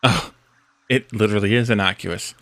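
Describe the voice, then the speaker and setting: A man's voice: lowish voice, steady tone, normal speed, fairly bright tone, no room sound. A man streaming a building game, chatting casually with his viewers and talking himself through each step. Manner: chatty, reacts to chat, talks to himself while building. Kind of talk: casual let's-play commentary.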